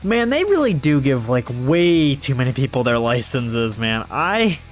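Young man, lively rambling podcast talk. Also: medium pitch, measured pace, faint music behind. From Northeast Ohio, USA. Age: 20s. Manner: rambling, animated storytelling. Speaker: podcast host. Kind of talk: casual solo podcast monologue.

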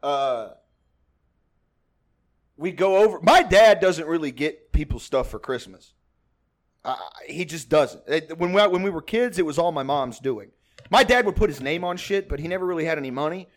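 A man's voice: fairly high pitch, animated, moderate pace. A man from Texas hosting a podcast, telling a family story in a rambling, profane way with frequent laughter and restarts. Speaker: podcast host. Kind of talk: casual storytelling.

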